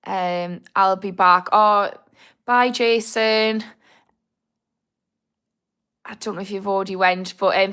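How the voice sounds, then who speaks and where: Hosting a live Q&A as a recovery coach, this thirty-something British woman reads out viewers' comments and replies to each by name in an easy, chatty manner. She often trails off and restarts her sentences, staying frank and down-to-earth. Her medium-pitched voice has a fairly bright tone.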